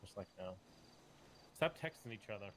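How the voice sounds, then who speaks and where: A man in an in-character roleplay, teasing the others with quick questions and a lot of swearing. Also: on the low side, expressive, a bit bright, slight background noise, rough recording. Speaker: roleplay player.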